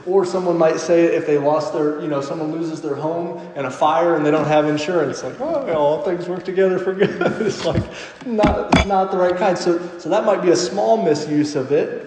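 A man's voice: fairly high pitch, darkish tone, slight background noise. Young male preacher in an echoey hall. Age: late 20s. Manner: casual and joking, reads scripture slowly and emphatically. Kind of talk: sermon with scripture reading. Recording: echoey hall with long reverb.

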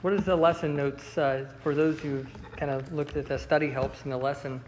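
A man teaching a Bible study class in a relaxed, conversational way, with many fillers and restarts. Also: a little high, moderate pace, in a large hall, slight background noise, poor audio. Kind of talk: casual Bible lesson.

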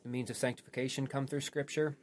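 A man's voice: mid-range voice, little pitch movement. A man who is a pastor, talking through a sermon on a podcast in a thoughtful way with frequent restarts. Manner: thoughtful, halting with many restarts. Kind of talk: post-sermon podcast discussion.

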